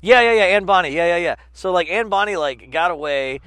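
A man's voice: high-pitched, lively intonation, brisk, a bit bright, no echo. A man co-hosting a casual podcast chat, telling rambling, profane stories and slipping into silly voices. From New York. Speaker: podcast co-host.

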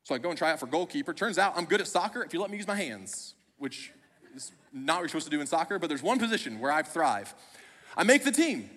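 A man's voice: fairly high pitch, sing-song, fast, a bit bright. A young man, a pastor, telling a personal story in a sermon with a conversational, self-deprecating humor. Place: church auditorium. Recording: long hall reverb.

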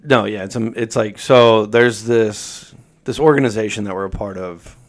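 A man's voice: fairly low pitch, normal speed. A man in his thirties telling a work story in casual chat, laid-back and full of fillers.

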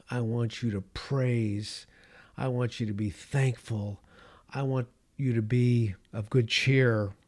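A middle-aged man preaching a sermon with dramatic pauses and big swings in loudness. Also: medium pitch. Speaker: pastor.

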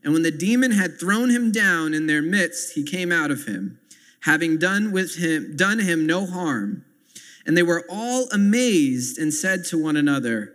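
A man's voice: on the high side, animated, a little slow, fairly bright tone. A man preaching a sermon as pastor, earnestly explaining scripture and stopping to add asides to his listeners. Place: church sanctuary. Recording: long hall reverb.

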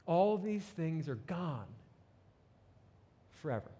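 Speaking slowly in a slightly high voice, a New Jersey pastor with a faint local accent delivers his sermon. Along the way he makes lively, joking asides to the congregation.

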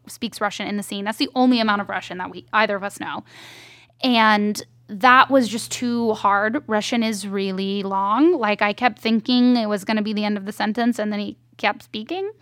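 A woman filmmaker chatting in an interview, telling stories in a lively, talkative way. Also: mid-range voice, no echo. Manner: chatty, animated storytelling. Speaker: indie filmmaker guest. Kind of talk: casual interview chat.

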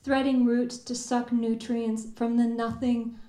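A woman from recites her poetry at a very unhurried pace. She lingers on each word, and her voice sits slightly high. The recording rings with the echo of the room. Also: flat delivery, mellow. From Kentucky. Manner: measured, deliberate, lingering on words. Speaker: poet. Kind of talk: spoken word poetry performance. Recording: echoey room.

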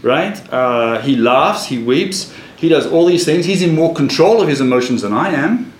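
A man's voice: a little high, expressive, moderate pace. A man leading a casual Bible study, chatty and laughing, often restarting his sentences. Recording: echoey room with faint noise.

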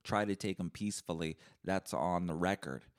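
Deep-voiced man rambling crudely. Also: moderate pace, clear, resonant tone. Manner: rambling, crude deadpan humor. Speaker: podcast host. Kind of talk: solo podcast monologue.

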